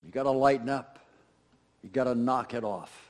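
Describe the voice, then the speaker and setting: A man's voice: mid-range voice, normal speed. A man preaching a sermon as pastor, talking conversationally and directly to his congregation, often repeating phrases for emphasis. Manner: conversational, speaks straight to the congregation with repetition.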